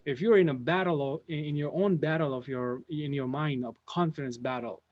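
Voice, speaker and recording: A man with a fairly high, brisk voice hosts a live stream, rambling through the story of his career with frequent restarts and asides to his viewers. The recording sounds dull and lo-fi.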